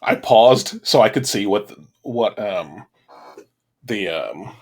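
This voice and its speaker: A man's voice: on the low side, lively intonation, takes it slowly, a little mellow. A man co-hosting a podcast, chatting casually about a horror movie, easygoing and a little meandering. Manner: easygoing, loses his train of thought, chuckles, backchannels. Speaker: podcast co-host. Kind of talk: casual movie review chat.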